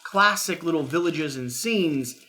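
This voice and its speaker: A man's voice: on the high side, lively intonation, unhurried, sharp tone, slight background noise. A man co-hosting a board game unboxing, easygoing and playful as he walks the viewer through the components. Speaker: co-host.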